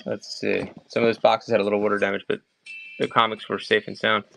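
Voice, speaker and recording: A man's voice: fairly low pitch, flat delivery, vocal fry, bright, forceful tone, a little hiss or hum. A man with a Maryland accent hosting a casual live sale of comics, chatting and calling out bids. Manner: chatty, rambling, calls bids fast. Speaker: livestream seller. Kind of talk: casual live auction chat.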